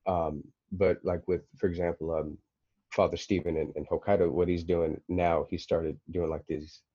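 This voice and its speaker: A man's voice: low voice, level tone, normal speed, warm tone, no room sound, lo-fi sound. A man talking as a podcast guest in casual conversation, rambling with many fillers and restarts.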